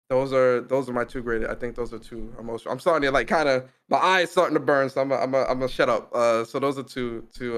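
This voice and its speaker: A young man co-hosting a podcast, telling a personal story in casual slangy chat, laughing often. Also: medium pitch. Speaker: podcast co-host.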